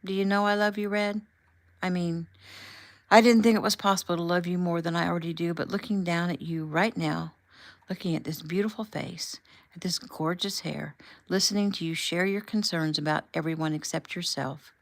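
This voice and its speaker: A gentle husband who comforts and reassures in a soft, unhurried way, read by a woman. The voice sits fairly low and sounds close and dry, with no room around it. It stays calm and caring throughout. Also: dry recording, lightly acted. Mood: tender. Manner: gentle, soothing. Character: tender reassuring husband, adult man.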